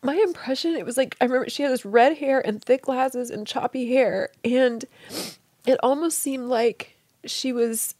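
A middle-aged woman telling a personal story in a soft, halting way, sometimes falling to a whisper. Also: high voice, dry recording. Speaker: interview guest.

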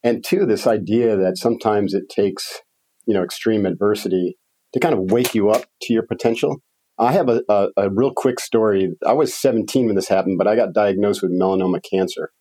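A man's voice: fairly low pitch, brisk, warm tone. A man hosting a podcast interview who reacts to his guest with enthusiasm. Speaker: podcast host. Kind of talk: casual interview chat.

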